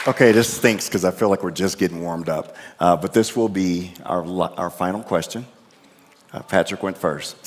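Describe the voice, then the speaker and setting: Deep-voiced male moderator, echoey hall. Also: moderate pace, slight background noise. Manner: casual, joking asides. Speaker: forum moderator. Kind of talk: moderating a forum. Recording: long hall reverb.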